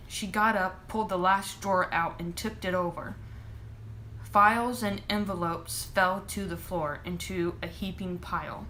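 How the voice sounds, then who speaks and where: A woman's voice: on the low side, steady tone, bright, forceful tone, a little hiss or hum. A woman author reading a chapter of her own novel aloud, then chatting casually about it. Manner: brisk narration, chatty asides. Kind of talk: live reading and casual chat.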